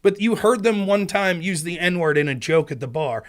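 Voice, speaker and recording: Male talk host, higher register, lively pitch swings; argumentative monologue, acts out quotes. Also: moderate pace. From Pennsylvania. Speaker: political talk show host. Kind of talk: livestream monologue.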